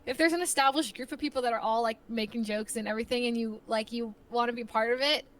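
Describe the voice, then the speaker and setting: A woman's voice: on the high side, fairly even intonation, quick pace, rough recording. A young woman in casual conversation, rambling and restarting sentences, acting out little voices when she quotes people. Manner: rambling, self-interrupting, acts out voices in quotes. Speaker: guest streamer. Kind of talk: casual chat.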